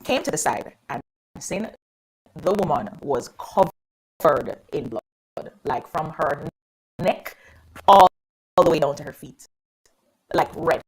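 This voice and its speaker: A young woman guest on a radio talk show, telling her story in a lively, casual way with frequent laughs. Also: sits low, slow, long pauses, slightly rough. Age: young adult.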